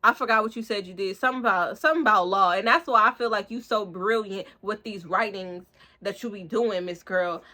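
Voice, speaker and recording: A young woman, rambling excitedly in a casual book review, full of fillers and slang. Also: medium pitch, fairly quick. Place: room at home, street outside.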